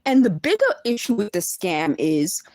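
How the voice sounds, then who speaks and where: A woman in her fifties from the Bronx, speaking in an emphatic, indignant monologue. Her pitch leaps up and swoops down as she presses her points. The sound is close and dry, with no room around it. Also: lively intonation, normal speed, a little mellow, no echo. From the Bronx, New York. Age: 50s. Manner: emphatic, indignant, laughing asides. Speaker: vlogger. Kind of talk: direct-to-camera monologue.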